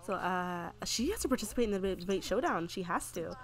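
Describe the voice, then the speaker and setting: A woman hosting her gaming channel gives casual gameplay commentary, gushing about her game character and using "like" constantly. Her medium-pitched voice is expressive and fast.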